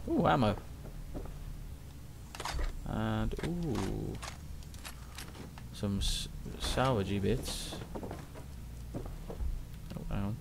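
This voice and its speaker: A man's voice: lowish voice, drawn-out words, gravelly, pauses often, background noise. Chatty sweary young man gaming. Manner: chatty, excitable, swears often. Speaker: gaming channel host. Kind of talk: casual let's-play commentary.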